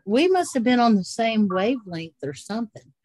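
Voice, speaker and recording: A woman with a Southern Appalachian accent, co-hosting a casual chat and telling stories in an unhurried, rambling way. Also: on the high side, big pitch swings, a little mellow, no echo. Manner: unhurried, rambling storyteller with frequent laughs. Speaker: podcast co-host. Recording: dry close sound.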